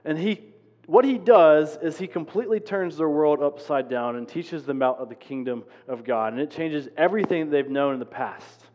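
Pastor preaching in a reverberant church. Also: male voice, a little high, moderate pace, darkish tone. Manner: conversational, storytelling with casual fillers. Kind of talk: sermon. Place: church sanctuary. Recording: dull sound with long church reverb.

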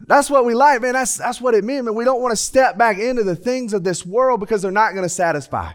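A man preaching a lively, humorous sermon into a stage microphone in a church, acting out the voices of people in his stories. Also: high voice, fairly quick, hardly any pauses. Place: church sanctuary.

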